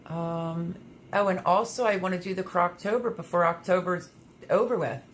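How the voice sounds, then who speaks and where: A woman's voice: on the low side, normal speed, slight background noise. A woman hosting a casual gardening livestream, chatting and reading viewer comments aloud with lots of fillers. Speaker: livestream host reading chat.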